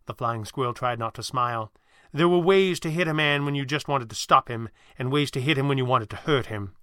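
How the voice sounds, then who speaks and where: A man narrating an adventure story in a steady, vivid storytelling style. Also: on the high side, clean tone, no room sound, studio quality.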